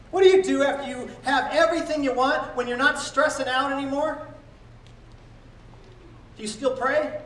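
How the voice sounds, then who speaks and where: A man with a very high voice preaching a sermon, animated and acting out quoted prayers and boasts. He is heard from a little distance off the mic. The church room around him is echoey. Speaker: pastor.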